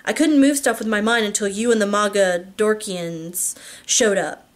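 A woman's voice: mid-range voice, moderate pace, natural voice. A woman voicing a brash, streetwise teenage girl who talks bluntly and mockingly, firing off questions. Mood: sassy.

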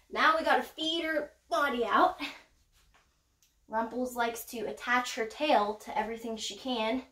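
A woman showing her pet snake in a casual vlog, chatty, laughing often and whooping with excitement. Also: a little high. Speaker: snake keeper vlogger. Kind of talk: casual show-and-tell vlog. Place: indoors room by a snake enclosure. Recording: echoey room.

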